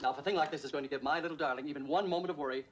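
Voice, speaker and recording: An actor playing a pompous, fussy middle-aged banker. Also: male voice, on the high side, very fast, lightly acted. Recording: film soundtrack with background noise.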